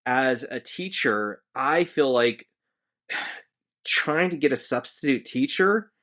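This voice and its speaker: An easygoing man hosting a podcast, talking through a recap in a relaxed, chatty way. His voice sits at an ordinary middle pitch for a man, and he chuckles easily as he goes. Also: slow pace. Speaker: podcast host; teacher. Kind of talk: casual recap chat.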